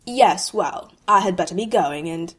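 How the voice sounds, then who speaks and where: A woman's voice: fairly low pitch, expressive, measured pace. A woman voicing a haughty, sneering young male wizard who talks in a snappish, disdainful way. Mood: flustered.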